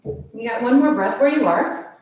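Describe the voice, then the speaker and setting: Echoey yoga teacher, heard from afar. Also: female voice, fairly high pitch, normal speed. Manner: calm, steady cueing of poses with the breath. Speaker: yoga instructor. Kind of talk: guided yoga class instruction. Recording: very echoey room, voice from far off.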